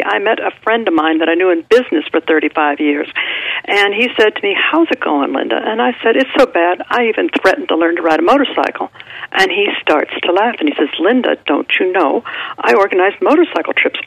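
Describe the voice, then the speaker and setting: A woman around sixty, a guest author on a radio interview, telling a personal story in a lively way and acting out the voices of people she quotes. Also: lowish voice, no room sound, rough recording.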